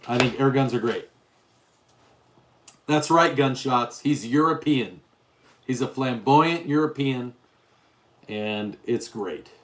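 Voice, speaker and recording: A middle-aged man chats casually on a livestream from home. He reads out viewer names and answers them one by one. His voice sits at an ordinary middle pitch. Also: slow, pauses often, a bit bright. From Utah, US. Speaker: livestream host.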